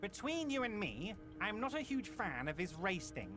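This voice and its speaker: An actor voicing a smooth, ingratiating older male union boss in a video game, played over music. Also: sits high, big pitch swings, moderate pace. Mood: schmoozing. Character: scheming jovial old male union boss.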